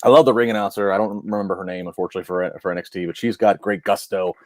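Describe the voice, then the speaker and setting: A man's voice: deep voice, rapid-fire, dry recording. Chatty man recapping a match, dry sound. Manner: animated match recap with lots of restarts. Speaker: wrestling podcast co-host. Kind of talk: casual review chat.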